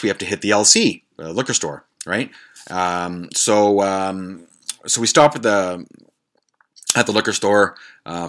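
Blunt, profane man with a bright voice. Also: lowish voice. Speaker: podcast host. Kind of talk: casual storytelling monologue.

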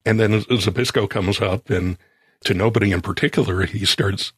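A man's voice: fairly low pitch, slightly rough, no room sound. A man co-hosting a casual podcast, speaking hesitantly with many restarts. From California. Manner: halting, soft-spoken, lots of restarts. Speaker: show producer and co-host.

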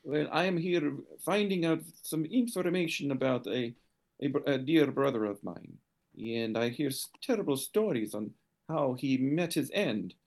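A man role-playing his character in a tabletop game, speaking haltingly with many restarts. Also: mid-range voice, darkish tone.

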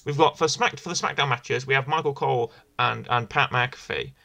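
A man's voice: mid-range voice, fairly quick, creaky, sharp tone. A man hosting a casual wrestling review podcast, rambling and enthusiastic, often repeating himself. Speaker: podcast host.

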